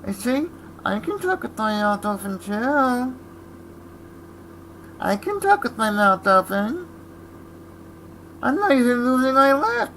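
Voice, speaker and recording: A man putting on the high, sing-song voice of a smug, boastful ventriloquist. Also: very animated, takes it slowly, pauses often, pushed and bright, a little hiss or hum, heavily acted, rough recording. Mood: boasting.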